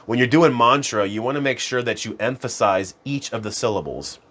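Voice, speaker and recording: A man's voice: medium pitch, expressive, fairly quick, a bit bright, a little hiss or hum. A man giving a casual, rambling spiritual lesson to camera, laughing at himself and drifting into tangents. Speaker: spiritual self-improvement teacher. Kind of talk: casual instructional talk to camera.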